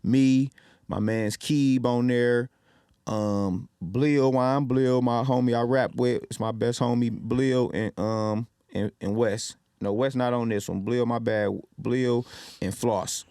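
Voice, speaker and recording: A man from Detroit in his thirties, guesting on a podcast and spinning street stories in an easy middle register. He jumps into loud acted-out quotes as he tells them. The sound is dry and close, with no room around it. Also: medium pitch, slow, smooth, dry recording. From Detroit, Michigan. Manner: animated storyteller, loud when acting out quotes. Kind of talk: casual storytelling.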